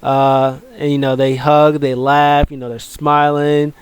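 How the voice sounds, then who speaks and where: A man's voice: a little high, level tone, measured pace, smooth. A man casually recapping a wrestling show, rambling with many ums and uhs and joking along the way.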